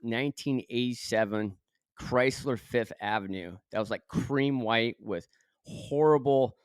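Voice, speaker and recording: A man's voice: mid-range voice, unhurried, clear, resonant tone, no room sound, clean studio sound. A middle-aged man from Southern California with a Southern Californian accent, a podcast guest telling a self-deprecating story with lots of fillers. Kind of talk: storytelling in a casual interview.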